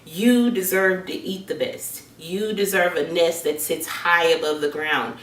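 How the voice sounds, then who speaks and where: A woman's voice: on the low side, steady tone, a little slow, fairly bright tone. A woman voicing a wise older eagle who urges and encourages, in a raised, persuasive voice, recorded with a roomy echo from a distance. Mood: urging. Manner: urgent, uplifting persuasion.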